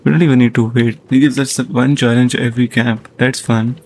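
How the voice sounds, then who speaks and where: On his gaming channel, a man gives casual let's-play commentary, excitable and jokey, often panicking at what happens on screen. His pitch is medium, and he speaks a little fast.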